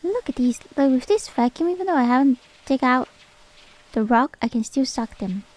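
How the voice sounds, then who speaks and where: A woman's voice: high voice, expressive, normal speed, a little mellow. A woman streamer, not a native English speaker, chatting playfully and laughing often while she comments on a game. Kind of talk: casual gaming commentary.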